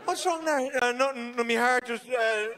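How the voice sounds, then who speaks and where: An Irish man performs stand-up on a theatre stage in a very high, manic voice and keeps breaking into shouted character bits. The crowd can be heard clearly behind him. There is steady noise from the live show. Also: normal speed. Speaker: stand-up comedian. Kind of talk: stand-up comedy.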